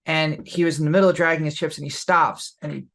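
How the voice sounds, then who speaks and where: Speaking fast in a low, steady voice, this podcast co-host, a young woman, recounts a story candidly, packing in fillers and laughing while she talks.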